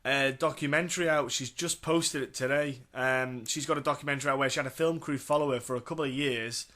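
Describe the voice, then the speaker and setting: A man's voice: medium pitch, steady tone, quick pace, sharp tone. A British man co-hosting a casual sports podcast, rambling and stumbling over fighter names. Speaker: podcast co-host.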